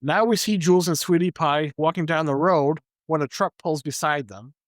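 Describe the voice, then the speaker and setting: A man's voice: on the high side, normal speed, no echo, clean studio sound. A man co-hosting a podcast who retells a movie's scenes step by step and quotes the characters as he goes. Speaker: podcast co-host. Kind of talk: casual movie plot recap.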